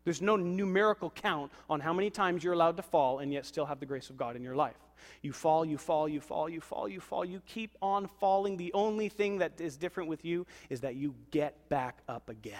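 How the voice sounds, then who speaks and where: A man's voice: on the high side, brisk. A man preaching a sermon as pastor, urging the congregation with repeated calls and ending in prayer. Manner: repetitive, exhortative preaching with call-and-response. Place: church sanctuary. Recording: long hall reverb.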